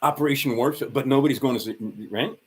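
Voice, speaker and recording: A man's voice: medium pitch, fairly quick, breathy edge. A man ranting sarcastically and profanely on a livestream, rambling and tired. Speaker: livestream host.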